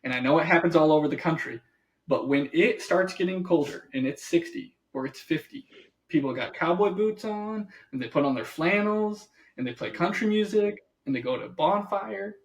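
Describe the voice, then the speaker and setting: A man co-hosting a podcast in casual chat, animated, acting out what other people say and laughing often. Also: sits high, moderate pace. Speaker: podcast co-host.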